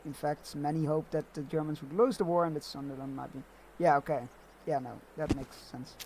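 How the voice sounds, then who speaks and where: A man's voice: a little high, steady tone, fairly quick, a little mellow, a little hiss or hum. A man streaming a game, chatting casually and reading the game text aloud with asides. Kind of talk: casual let's-play commentary. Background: game music.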